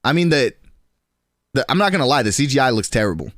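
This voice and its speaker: A young man in his twenties chatting casually on a stream, slangy and rambling, with quick restarts. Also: medium pitch, big pitch swings, a bit bright, no echo, studio quality.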